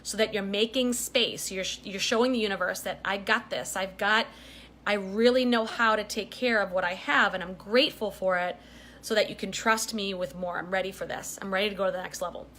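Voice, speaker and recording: A woman's voice: medium pitch, steady tone, fairly quick, fairly bright tone, a little hiss or hum. A middle-aged woman talking straight to her viewers in a chatty, emphatic way, often checking in with "okay?" and "right?". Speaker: vlogger giving life advice. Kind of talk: casual direct-to-camera advice.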